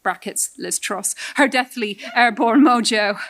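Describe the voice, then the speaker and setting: A woman poet reading her own poetry aloud in a deliberate, rhythmic recitation with shifting emphasis. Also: fairly high pitch, creaky, a bit bright.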